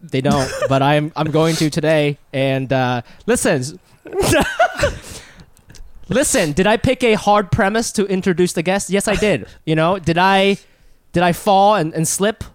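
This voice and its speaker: A playful, goofy man with a high voice, bantering on a comedy podcast. The sound is dry and close, with no room around it. He hams up his introductions with a loose, joking delivery. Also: unhurried, no echo. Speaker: podcast co-host. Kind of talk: casual comedic chat. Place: New York.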